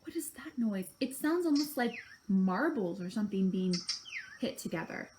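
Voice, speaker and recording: A woman's voice: mid-range voice, animated, moderate pace, background noise. A woman reading a picture book aloud to children at a library, stopping to chat and imitate bird calls with them. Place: library program.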